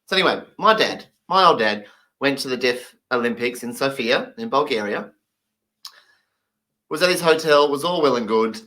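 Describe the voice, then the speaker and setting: A man telling comic stories in a lively way, acting out the people in them. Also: medium pitch. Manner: animated, acts out the people in his stories. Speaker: comedian. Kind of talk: comedic storytelling.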